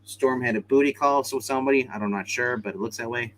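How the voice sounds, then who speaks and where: A man's voice: medium pitch, fast talker, a bit bright. A man casually showing off comics, rambling and joking as he goes. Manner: rambling and jokey. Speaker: co-host showing his comics. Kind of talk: casual chat.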